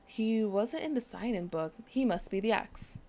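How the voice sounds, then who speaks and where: Woman with vocal fry reading game dialogue. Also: mid-range voice, a little mellow. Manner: reads dialogue aloud between quick asides. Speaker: game streamer. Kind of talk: let's play commentary, reading game dialogue aloud.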